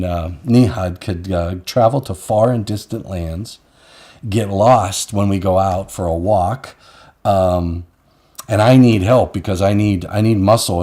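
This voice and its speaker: Guy hosting a live stream, mellow and low, rambles and laughs at his own stories. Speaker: host. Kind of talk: casual live-stream chat.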